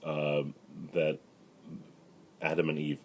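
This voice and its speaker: A middle-aged male rabbi giving a relaxed spoken Bible lesson, with lots of fillers and "right?" asides to his listeners. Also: rumbling low, takes it slowly, slight background noise. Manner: conversational, many fillers and "right?" asides, paraphrases dialogue. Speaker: rabbi teaching the weekly Torah portion.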